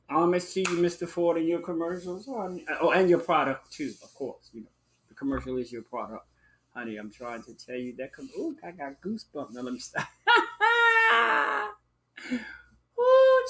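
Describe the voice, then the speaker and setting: A man hosting a live-stream talk show, chatting in a sassy, flamboyant way, calling listeners honey and child and breaking into high whoops. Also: slight background noise. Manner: bursts into high whooping exclamations. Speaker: livestream show host. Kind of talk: casual live-stream chat.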